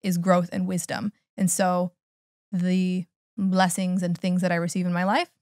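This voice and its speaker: A woman's voice: fairly low pitch, level tone, a little slow, a little mellow, dry recording, clean studio sound. A woman hosting a podcast, thoughtfully explaining her ideas in a casual chat. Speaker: podcast host.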